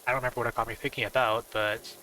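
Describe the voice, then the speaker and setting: A man with a nasal voice chatting casually on a stream, rambling and thinking out loud with lots of fillers. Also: mid-range voice, level tone, very fast, slight background noise, rough recording.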